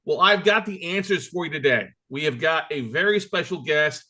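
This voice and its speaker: A man hosting a show, energetic and enthusiastic as he introduces and interviews a guest. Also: on the high side, normal speed, husky. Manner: hyped, enthusiastic, emphatic. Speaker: podcast host.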